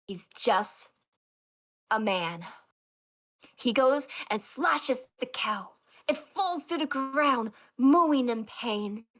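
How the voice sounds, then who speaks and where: A woman's voice: a little high, fairly bright tone. A woman acting as game master, narrating a tabletop role-play with dramatic, stammering storytelling.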